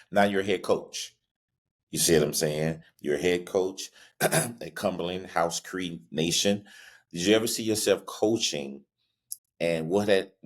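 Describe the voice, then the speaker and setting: Very deep-voiced heartfelt male host. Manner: emotional, heartfelt and rambling. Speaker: podcast host. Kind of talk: conversational interview.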